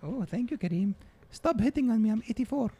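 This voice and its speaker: A man plays an 84-year-old grandmother with a high, thin voice. She speaks slow, broken English, doting one moment and blunt the next, in an improvised podcast comedy bit. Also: expressive, vocal fry, mellow, slightly rough, exaggerated voice. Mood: teasing.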